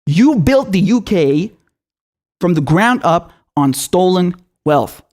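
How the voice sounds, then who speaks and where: A young man in full fury, ranting on his own political show. He swears constantly and throws accusing questions at his targets, his voice pitched high for a man and tight with anger. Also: big pitch swings, takes it slowly, a little mellow. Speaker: political commentator. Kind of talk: angry political rant.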